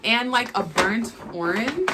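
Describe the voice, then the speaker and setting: A woman in her twenties chatting casually and excitedly as she unboxes shoes, full of playful asides and filler words. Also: a little high, slow pace, heavy background noise. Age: 20s. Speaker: fashion vlogger.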